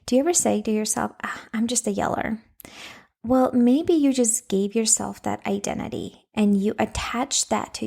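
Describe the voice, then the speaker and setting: A woman's voice: mid-range voice, gravelly, mellow. A woman hosting a solo podcast, coaching moms in a casual, direct way and often checking in with "okay?".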